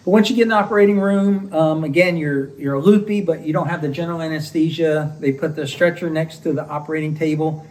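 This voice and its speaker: A man's voice: a little high, fairly even intonation, quick pace, a little mellow, recorded from a distance, a little hiss or hum, rough recording. A middle-aged man, a homestead channel co-host, casually telling about his surgery with an easygoing, joking manner. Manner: easygoing, joking, chuckles between phrases. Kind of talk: casual recovery story vlog.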